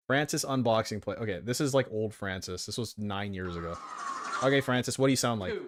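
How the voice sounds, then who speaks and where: A man's voice: lowish voice, fairly quick. A man streaming, reacting to videos in crude, sarcastic, swearing commentary.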